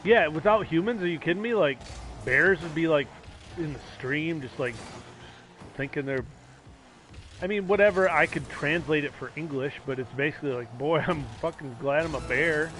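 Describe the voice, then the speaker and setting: A man on a casual gaming stream, rambling and sarcastic, now and then yelling at his teammates. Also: a little high, moderate pace, a little hiss or hum.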